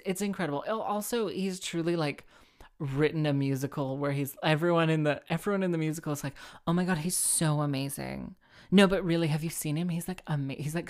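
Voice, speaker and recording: A woman with a low-pitched voice rambling through a casual solo monologue. She mocks herself, laughs often and trips over restarts and filler words as she goes. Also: smooth. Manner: chatty, self-mocking, giggly, many fillers and restarts. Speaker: solo show host and harpist.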